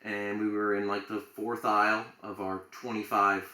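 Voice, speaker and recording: A man's voice: fairly low pitch, level tone, normal speed, pushed and bright, reverberant, low-quality recording. A man co-hosting a podcast, telling a story in a rambling, jokey way with plenty of fillers. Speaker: podcast co-host. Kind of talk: casual chat.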